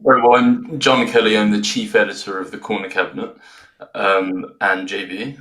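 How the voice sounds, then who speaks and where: A British man, a magazine's chief editor, speaking as a guest in a polite, measured way. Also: fairly low pitch, fairly even intonation, fairly bright tone, rough recording. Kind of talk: casual podcast conversation.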